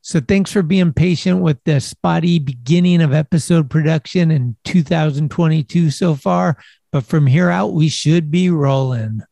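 A man's voice: fairly high pitch, normal speed, creaky, mellow, no room sound. A man hosting a podcast in a laid-back, casual way, full of skater slang and swearing. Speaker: podcast host. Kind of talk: casual chat.

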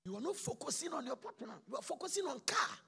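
A man preaching a sermon on marriage, telling stories dramatically, acting out quarrels, and swinging from hushed tones to shouting. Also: very high voice, big pitch swings, fast, creaky.

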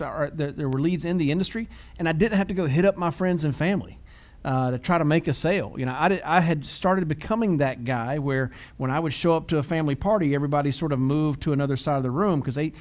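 A middle-aged man with a fairly high voice, co-hosting a casual podcast. He tells stories at his own expense and laughs often as he goes. His talk is loose and conversational. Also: fast. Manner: self-deprecating storyteller, laughs often. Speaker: podcast co-host.

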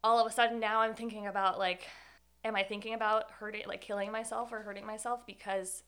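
A woman's voice: mid-range voice, level tone, quick pace, a bit bright, smooth. A young woman in her twenties, a guest telling her own story in an interview, candid and earnest, with many "like"s. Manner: candid, earnest, says 'like' often.

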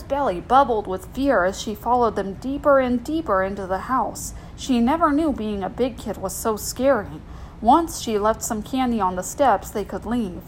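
A woman's voice: on the high side, lively intonation, normal speed, slight background noise, poor audio. Woman reading a children's story aloud.

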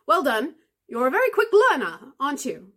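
A woman reading aloud and voicing a nervous, pompous male card sharp who is snappish and falsely polite. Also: high-pitched, huge pitch swings, moderate pace, voice pushed up, exaggerated voice. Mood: flustered.

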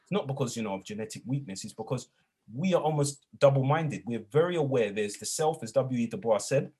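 A man, a guest in an interview, speaking reflectively and growing animated as he retells his own experiences. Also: mid-range voice, a little fast, husky. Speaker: guest, educator and former youth worker. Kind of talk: storytelling in a conversational interview.

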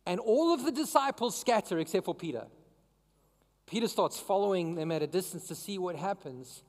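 A man's voice: high voice, animated, normal speed, in a large hall. A man preaching a sermon as pastor, talking conversationally and throwing questions to the congregation. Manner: conversational, asks the crowd questions.

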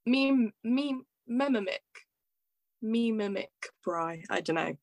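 A woman's voice: on the high side, lively intonation, takes it slowly, darkish tone, no echo. A young woman co-hosting a podcast, reading quotes aloud with giggles and stumbles in casual chat.

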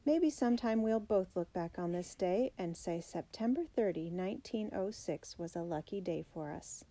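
A woman's voice: fairly low pitch, animated, moderate pace, warm tone. Mister D'Souza, a kindly male manager, read by a woman. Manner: kindly and encouraging.

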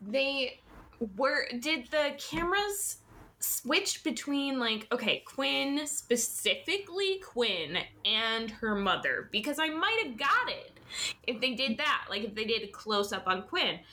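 A woman talks slowly in a casual podcast chat. Her voice is bright and lively, with a wide swing in pitch, and she breaks into laughter often. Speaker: podcast co-host.

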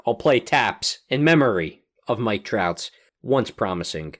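A man's voice: lowish voice, lively intonation, a little slow, a bit bright. A man co-hosting a casual sports podcast, reading out stats with dry humor. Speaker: podcast co-host.

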